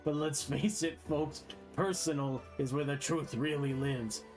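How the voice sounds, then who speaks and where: A man's voice: fairly high pitch, fairly even intonation, a little slow, darkish tone, faint music behind. A man voicing a sleazy, sweaty, wheezing male political candidate who heckles his rivals in a brash, dismissive way.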